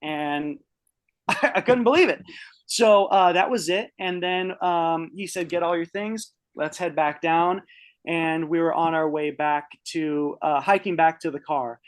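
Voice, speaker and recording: A man's voice: on the high side, measured pace, smooth. A man in his early thirties telling a personal story on a podcast, casual and rambling, swearing freely with many restarts. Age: 30s. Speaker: podcast guest.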